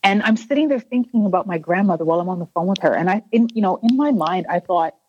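A woman's voice: fairly low pitch, lively intonation, quick pace, a little mellow, lo-fi sound, slight background noise. Earnest woman telling a personal story. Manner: earnest, repeats and restarts, acts out quoted voices. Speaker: interview guest.

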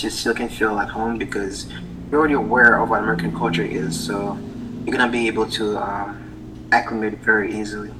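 A young adult man from Haiti with a Haitian accent, a guest in a casual interview, talking hesitantly with many pauses and restarts. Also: on the low side, bright, forceful tone, a little hiss or hum, poor audio.

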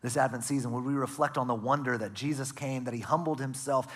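A man preaching a sermon as pastor, earnest, often dropping to a soft, hushed delivery for emphasis. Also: mid-range voice, fast talker.

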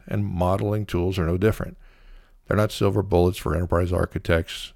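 A man with a very low, gravelly voice talks through his views on a solo podcast. He explains in a measured, opinionated way, dropping in an occasional "uh". The sound is dry and close. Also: a little mellow, no room sound. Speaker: podcast host.

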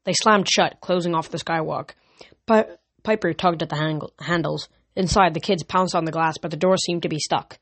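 A man reading a novel aloud as an amateur audiobook, steady with small slips. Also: on the high side, moderate pace, no echo. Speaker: reader.

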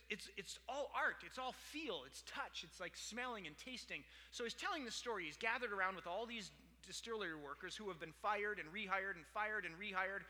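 High, bright-voiced preacher in a reverberant hall. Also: male voice. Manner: storytelling, chatty with many fillers. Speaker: pastor. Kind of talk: conversational sermon.

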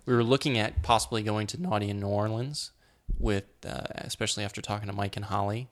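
A man's voice: on the low side, fast. A man co-hosting a casual podcast, chatting plainly and reading the show's outro. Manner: relaxed, plain-spoken, reads show outro. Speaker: podcast co-host.

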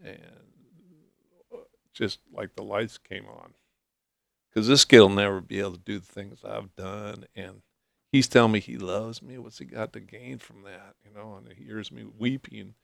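A man with a low, heavily gravelly voice shares his story as a guest, speaking softly and haltingly with small restarts. The sound is dry and close, with no room around it. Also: fairly even intonation, no echo. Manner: halting, soft-spoken testimony with restarts. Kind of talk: personal storytelling interview.

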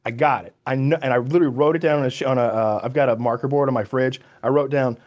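A man co-hosting a podcast in casual chat, talking in an excitable, rambling way and swearing freely. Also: medium pitch, racing. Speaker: podcast co-host.

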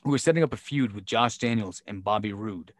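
A man's voice: fairly low pitch, brisk, no room sound. A man telling backstage stories in a casual podcast chat, swearing freely and acting out the exchanges he recalls. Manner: profane, animated storyteller who acts out quoted exchanges. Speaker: former wrestling promoter and show booker.

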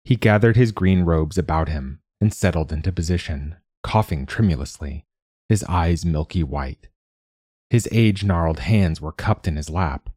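A man reading a novel aloud in measured, steady scripted narration. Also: deep voice, breathy edge, dry recording, studio quality. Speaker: audiobook narrator.

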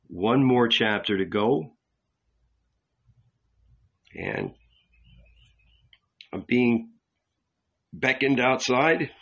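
A man reading a novel aloud in a calm, measured way, recorded lo-fi. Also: mid-range voice. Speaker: audiobook reader. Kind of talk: scripted narration of a novel. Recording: dull lo-fi recording.

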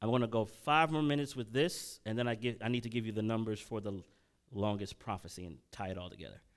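A man preaching at a Bible study, reading scripture slowly and then speeding up with questions to the congregation. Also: lowish voice. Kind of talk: sermon-style Bible teaching.

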